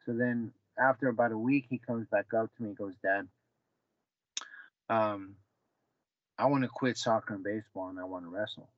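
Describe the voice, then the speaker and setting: A man's voice: fairly low pitch, steady tone, normal speed, long pauses, no echo. A man in his forties, a former fighter and wrestling coach, telling a long story in a casual interview, full of fillers and restarts, acting out the dialogue. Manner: rambling, many fillers and restarts, acts out dialogue. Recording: dull, slightly lo-fi, dry sound.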